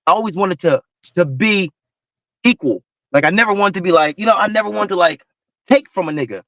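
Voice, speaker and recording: A man's voice: high-pitched, fairly quick, no room sound, muffled recording. A man speaking bluntly and heatedly in casual chat, repeating himself for emphasis. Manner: blunt, repetitive, animated street talk.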